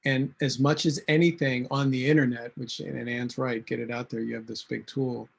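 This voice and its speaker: Brief: man panelist, gravelly husky voice, earnest and halting. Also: mid-range voice, little pitch movement. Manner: earnest, restarts often. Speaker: cartoonist and designer. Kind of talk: panel discussion.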